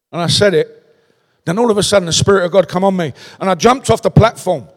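A man from London with a strong Cockney accent, preaching a sermon in animated storytelling style and calling out to the crowd. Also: high voice, quick pace. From London, England. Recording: long hall reverb.

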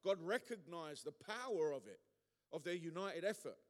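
A man preaching a sermon to a congregation, emphatic and conversational, building to loud punchy peaks and throwing asides to the room. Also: on the high side, animated, normal speed. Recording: long reverb of a large hall.

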